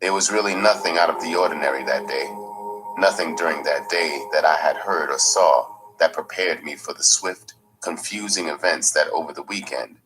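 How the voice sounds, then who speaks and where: A man reading a first-person memoir aloud in a slow, measured, gritty storytelling manner. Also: a bass voice, fairly bright tone, low-quality recording. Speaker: audiobook narrator. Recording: faint music underneath.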